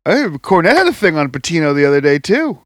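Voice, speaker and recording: A man's fairly high voice swings widely in pitch at a quick pace, sounding a bit bright in a clean, echo-free studio. He's a podcast co-host in casual chat, rambling with many fillers and laughing often.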